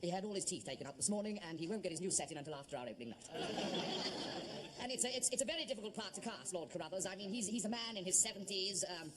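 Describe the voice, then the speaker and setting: An actor playing a fussy amateur theatre director who gushes and stammers. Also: male voice, sits high, lively intonation, racing, a crowd in the background. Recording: noisy old TV soundtrack.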